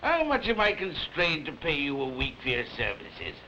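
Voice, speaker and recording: An actor with a British accent playing a mean, cold old miser who scolds in curt, sneering, clipped phrases. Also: male voice, a little high, huge pitch swings, moderate pace, bright, forceful tone, slight background noise, full character voice. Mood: interrogating. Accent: British English. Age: older. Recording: dull 1930s film soundtrack with music.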